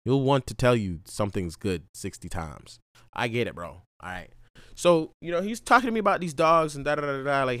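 A man's voice: medium pitch, expressive, fairly quick, a bit bright, clear, resonant tone, no room sound, clean studio sound. A man telling a rambling story in a laid-back casual monologue, full of slang and restarts. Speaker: vlogger.

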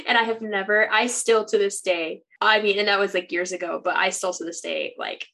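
A woman's voice: mid-range voice, steady tone, brisk, gravelly, bright, forceful tone. A woman co-hosting a casual book podcast, emphatic and exasperated, often self-deprecating. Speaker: podcast co-host.

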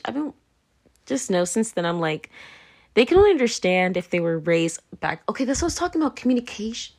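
A tipsy, drunk woman hosts her own podcast, rambling loosely in a casual monologue and cutting herself off with "anyway, moving on" while laughing and dropping into whispers. Her voice is medium-pitched, very animated, a little fast, and a little mellow.

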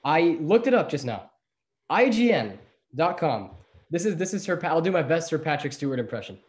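A man co-hosting a casual podcast chat, animated and playful, restarting his sentences often. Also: a little high, brisk. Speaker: podcast co-host.

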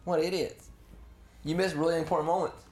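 A man's voice: on the high side, level tone, fairly quick, darkish tone. A young man co-hosting a podcast, chatting casually through a movie, blunt and teasing with free swearing. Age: young adult. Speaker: podcast co-host. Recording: roomy echo.

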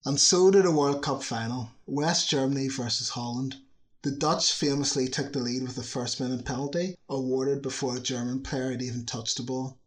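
A man's voice: medium pitch, steady tone, normal speed. Male narrator for a football history video; chatty, scripted, dry humor in the asides.

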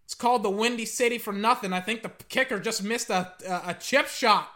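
A man at home giving loose, animated commentary on a football game, ranting and swearing casually. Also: sits high, a little fast. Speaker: sports commentator. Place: home living room. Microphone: desk microphone at home.

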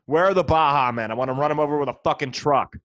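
A man's voice: fairly high pitch, fast talker, a bit bright, no room sound. A man, a comedian and podcast host, delivering a profane, sarcastic, exasperated comedic rant. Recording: dull lo-fi, dry.

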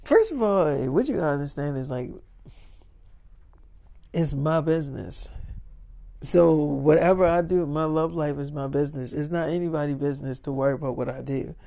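A man's voice: a little high, moderate pace, vocal fry, warm tone, low-quality recording. A man telling a casual, profane, rambling story and acting out the dialogue.

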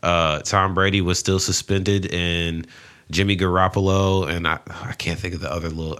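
A man talking loosely on a podcast with a friend. His voice sits very low, and he swears freely, often restarting his sentences. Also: fairly bright tone. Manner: laid-back, profane, mumbling restarts. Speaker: podcast co-host. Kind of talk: casual chat.

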